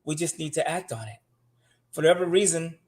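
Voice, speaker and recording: High-voiced man talking frank and animated. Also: fairly quick. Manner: frank and animated, swears freely; answers viewer comments. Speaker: guest on a finance show. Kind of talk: casual livestream talk. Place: home room.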